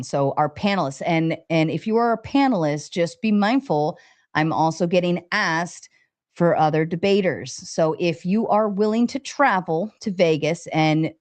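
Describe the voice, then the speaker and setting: A woman hosting a casual livestream with a lot of energy. She talks fast and excitedly, swears freely, and her voice jumps higher when she reads viewer messages aloud. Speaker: livestream host. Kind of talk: casual livestream talk, reading chat aloud.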